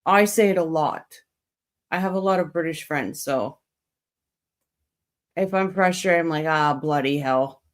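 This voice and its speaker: Slow-talking woman hosting a casual livestream. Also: fairly low pitch. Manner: chatty, laughing, reads out viewer comments. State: coming down with a cold. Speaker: true crime livestream host.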